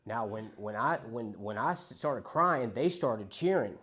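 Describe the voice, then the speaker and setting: A man's voice: medium pitch, lively intonation, a little slow, fairly bright tone. A young man telling his recovery story in a frank, rambling, profane way, quoting the people he met. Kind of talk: candid recovery testimony.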